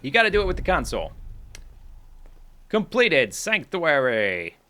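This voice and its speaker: Male let's play host, rambling and chatty, lively pitch with a forceful edge. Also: unhurried. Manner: rambling, explains controls as he plays. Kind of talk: casual gameplay commentary.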